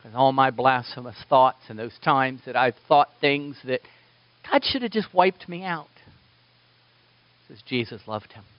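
A man preaching a sermon, swinging between loud emphatic lines and quiet asides, with playful remarks to his listeners. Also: mid-range voice, a little slow, dry recording, dull audio. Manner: animated preaching with sudden loud and soft turns, playful asides to the congregation. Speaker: pastor.

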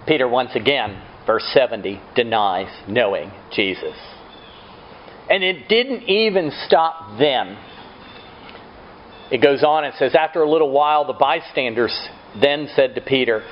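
A man's voice: mid-range voice, expressive, normal speed, highs cut off, a little hiss or hum. A man preaching a sermon, asking rhetorical questions and acting out quotes. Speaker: pastor.

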